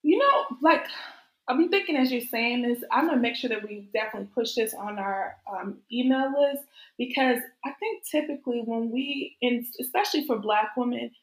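A young adult woman hosting a casual interview, chatty and animated, laughing often. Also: a little high, moderate pace. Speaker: podcast host. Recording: echoey room.

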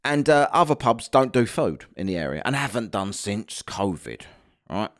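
Sweary man ranting with a lively voice. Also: fairly low pitch, moderate pace. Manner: sweary, exasperated, mocking. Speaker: vlogger. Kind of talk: comic rant.

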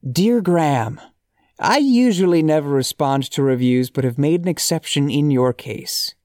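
A man's voice: fairly high pitch, lively intonation, normal speed, darkish tone, dry recording, studio quality, lightly acted. A man voicing a prickly male Irish restaurant owner in a comic reading, putting on an Irish accent and sounding sarcastic and mock-polite.

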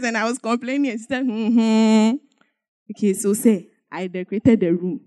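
A woman stands up to give a church testimony. She presses her points by repeating them and breaks into laughter as she talks. Her voice sits a little higher than most. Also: a little slow, mellow. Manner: emphatic, repetitive storytelling with bursts of laughter. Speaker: church member giving a testimony.

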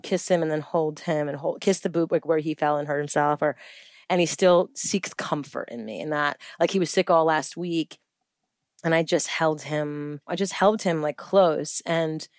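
Chatty low-voiced woman. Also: normal speed, dry recording, studio quality. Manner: chatty, many "like" fillers, acts out quotes in lively voices. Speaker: guest. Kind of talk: casual interview chat.

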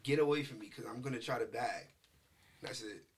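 A man's voice: mid-range voice, a little fast, husky. Slangy New guy telling stories. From New York. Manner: animated, slangy, tells stories with acted quotes. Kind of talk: casual chat, storytelling.

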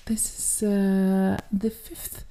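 Slow-talking woman, mellow voice. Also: medium pitch, flat delivery, slight background noise. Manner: hesitant and playful, many pauses while reading results. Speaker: podcast co-host. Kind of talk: casual podcast chat.

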